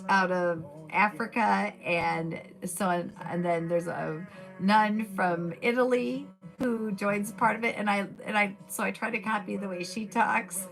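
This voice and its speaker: A woman's voice: sits low, vocal fry. A woman chatting casually on a live stream, rambling with many fillers, her throat a little scratchy. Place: at home at a table. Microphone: device mic without boom arm.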